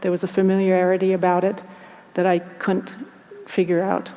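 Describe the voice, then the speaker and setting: A woman earnestly recounting personal experiences, speaking in a halting, reflective way. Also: fairly low pitch, monotone, mellow, muffled recording, slight background noise. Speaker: guest recounting abduction experiences. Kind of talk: personal storytelling. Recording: long hall reverb.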